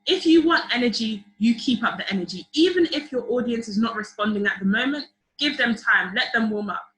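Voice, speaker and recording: A young woman leading a public speaking workshop over a video call, lively and encouraging, often asking the group questions. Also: a little high, fairly quick. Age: young adult. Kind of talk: online seminar teaching. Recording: roomy video call audio.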